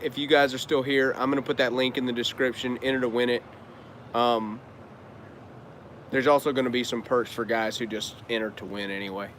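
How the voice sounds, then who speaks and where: Brief: a man host, slangy and loose, swearing casually, mid-pitch voice, faint street noise behind him. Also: a bit bright. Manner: loose, slangy, cusses freely. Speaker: business owner and trainer hosting a live stream. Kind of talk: casual live-stream chat answering viewers.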